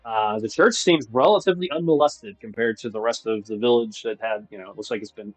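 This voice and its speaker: A man running a tabletop game as game master, describing scenes at length with many pauses and restarts. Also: lowish voice, dry recording, rough recording. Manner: descriptive, with frequent fillers and restarts. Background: faint music.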